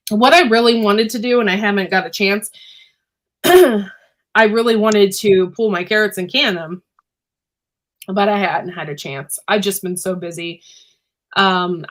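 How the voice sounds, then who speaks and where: A woman hosting a casual livestream. She rambles with many fillers and keeps clearing her throat, which is irritated by pepper fumes. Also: mid-range voice, unhurried, pauses often. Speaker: livestream host and homesteader. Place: indoors at home.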